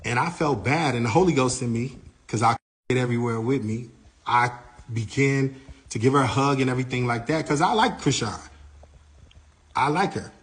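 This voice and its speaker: Man, tour manager, animated retelling, quotes everyone in the room. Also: mid-range voice, moderate pace. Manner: animated retelling, acting out others' lines. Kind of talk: recounting an incident.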